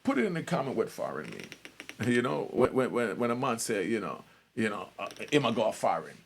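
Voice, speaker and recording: A man's voice: medium pitch, sing-song, brisk, gravelly, a little hiss or hum. A middle-aged man, telling a personal story in a streetwise, conversational way with frequent asides to his listeners. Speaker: podcast host. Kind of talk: storytelling monologue.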